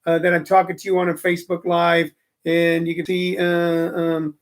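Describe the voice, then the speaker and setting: Middle-aged male host, high gravelly voice, loose rambling live-stream chatter. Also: monotone, normal speed. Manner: rambling, chatty, many fillers. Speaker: comedy radio show host. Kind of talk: casual live-stream chat. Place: room with phone and microphone. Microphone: studio microphone.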